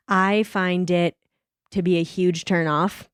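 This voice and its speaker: Woman co-host, chatty and giggly, medium pitch, dry close mic. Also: normal speed, clean tone, no echo. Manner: giggly, animated, swears casually. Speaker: podcast co-host. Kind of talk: casual chat.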